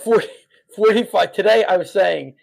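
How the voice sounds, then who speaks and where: A man's voice: high voice, moderate pace, creaky, darkish tone. A man co-hosting a casual livestream chat, from New Jersey, with laid-back, wry asides. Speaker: co-host.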